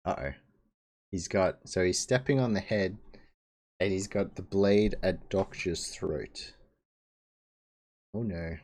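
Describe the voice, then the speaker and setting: A man's voice: sits low, slow pace, long pauses, darkish tone. A man streaming a live reaction to a webtoon, chatting casually and chuckling as he reads.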